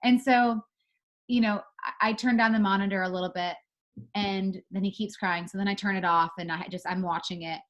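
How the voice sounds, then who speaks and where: A woman talks over a video call in relaxed, chatty storytelling. Her voice sits at an ordinary middle pitch. She fills her sentences with filler words. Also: brisk, lo-fi sound. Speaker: co-host of an online moms' meet-up. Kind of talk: casual chat, storytelling.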